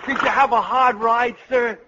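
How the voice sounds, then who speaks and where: A man's voice: very high voice, normal speed, noisy background. A man voicing a dim-witted, eager young army private who stammers and giggles, in a 1950s radio comedy style. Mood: nervous. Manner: nervous, stammering, easily excited. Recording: dull lo-fi old radio recording.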